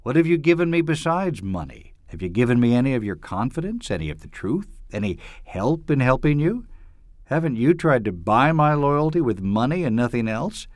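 A man's voice: mid-range voice, sing-song, moderate pace, dry recording, clean studio sound, voice pushed up, natural voice. A man reading aloud and voicing a cynical hard-boiled detective who speaks in a curt, bitter, sardonic way. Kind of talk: audiobook reading.

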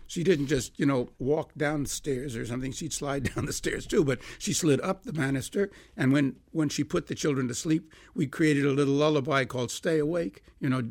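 An older man, a songwriter being interviewed, telling lively anecdotes, acting out quoted dialogue and laughing as he goes. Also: fairly high pitch, vocal fry. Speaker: songwriter guest.

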